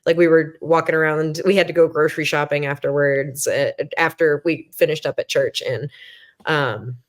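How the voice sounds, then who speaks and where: A woman's voice: sits low, steady tone, normal speed. A woman in her thirties, a podcast guest, candidly telling a personal story with many fillers and restarts, self-deprecating, acting out her own past thoughts. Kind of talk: conversational storytelling.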